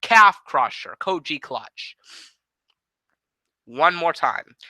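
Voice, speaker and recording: A man hosting a show who narrates imagined wrestling matches as quick, casual play-by-play and sometimes swears. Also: a little high, very animated, bright, forceful tone, no room sound, rough recording. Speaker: host. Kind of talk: fantasy booking play-by-play.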